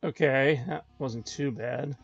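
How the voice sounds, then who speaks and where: A man's voice: medium pitch, slow pace, gravelly, dull audio, soft background music. A man hosting a gaming video, giving casual, wry let's-play commentary and talking to his viewers. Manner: chatty, wry, addresses viewers.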